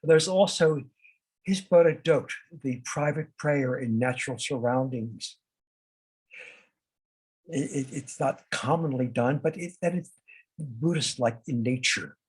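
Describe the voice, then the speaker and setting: A man's voice: mid-range voice, unhurried, pauses often, a little mellow, slightly rough, poor audio. A man leading a discussion for a study group, speaking informally with many fillers and restarts, as if over a video call. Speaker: discussion leader.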